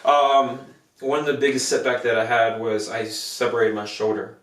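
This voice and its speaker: A young man co-hosting a podcast tells his stories in an earnest, rambling way and acts out the people in them. His voice sits at a middle pitch and picks up a roomy echo, as if he is sitting back from the mic. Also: fairly even intonation, normal speed, a bit bright, distant mic. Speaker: podcast co-host. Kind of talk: casual storytelling chat.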